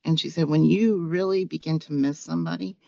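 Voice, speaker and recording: Gravelly woman recalling advice, dull dry sound. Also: deep voice, steady tone, a little fast, warm tone, no echo. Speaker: guest. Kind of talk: emotional personal conversation.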